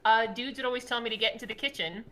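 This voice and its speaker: A woman's voice: a little high, very fast, crowd noise. A woman co-hosting a livestream. She is chatty and giggly and tells stories with lots of fillers. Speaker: livestream co-host and moderator. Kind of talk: casual chat.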